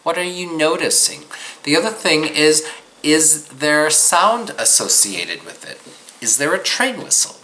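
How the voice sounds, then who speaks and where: A man's voice: a little high, expressive, unhurried, pushed and bright, rough recording. A man teaching an instructional course, patiently guiding listeners through listening exercises. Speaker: psychic medium teaching a course.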